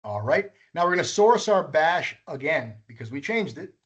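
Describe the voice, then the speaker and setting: The lo-fi recording captures a man with a high, fairly bright voice, very animated but moving at a moderate pace. He's an instructor teaching a live coding workshop, patiently walking through every step and correcting himself as he goes.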